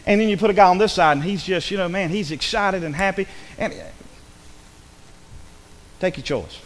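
Man, preacher, church sermon, high lively voice, conversational asides, long reverb. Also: a little hiss or hum. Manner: animated, conversational preaching with quick asides and acted quotes. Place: church sanctuary.

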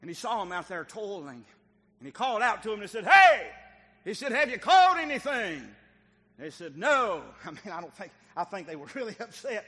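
Man preaching a sermon, high bright voice, church hall reverb. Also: animated, fairly quick. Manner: dramatic preaching, acts out biblical dialogue, swings loud to soft. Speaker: pastor. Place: church sanctuary.

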